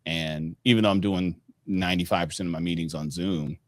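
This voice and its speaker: A man who works as a financial advisor, chatting casually on a podcast and telling stories with lively acted-out quotes. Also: sits low, brisk. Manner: lively storyteller who acts out the people he quotes.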